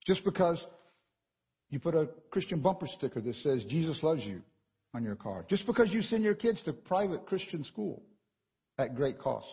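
Lively preaching man in a reverberant church. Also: on the high side, moderate pace, highs cut off. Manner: animated and conversational, with frequent "right?" asides. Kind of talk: sermon.

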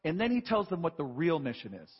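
High-voiced male pastor preaching in a reverberant church. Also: huge pitch swings, quick pace, husky, dull audio. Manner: conversational preaching with rhetorical questions. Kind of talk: sermon. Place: church sanctuary.

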